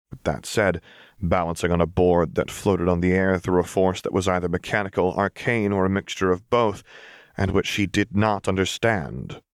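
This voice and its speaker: A man reading a fan-fiction story aloud as narrator, with steady storytelling. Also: sits low, dry recording, studio quality. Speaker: audiobook narrator. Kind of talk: scripted narration.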